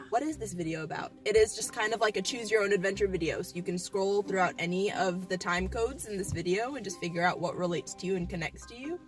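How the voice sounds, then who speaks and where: A woman's voice: mid-range voice, fairly quick, hardly any pauses. Woman musing over background music. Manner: playful, dramatic swings between musing and mock despair. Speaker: vlogger. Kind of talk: casual diary-style vlog.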